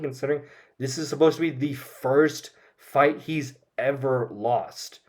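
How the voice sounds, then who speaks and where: A man giving a casual, opinionated film commentary while recapping scenes. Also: medium pitch. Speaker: film reviewer.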